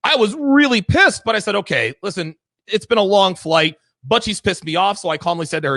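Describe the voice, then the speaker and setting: A man's voice: high voice, animated, brisk, gravelly, pushed and bright, dry recording. A man hosting a talk show, telling stories in a blunt, emphatic, profane way. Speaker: podcast host. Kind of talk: casual chat.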